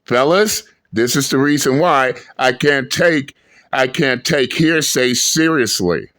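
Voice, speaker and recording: A man hosting a reaction video, talking slowly and emphatically in a profane, ranting commentary. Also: mid-range voice, animated, a bit bright. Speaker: channel host reacting to clips.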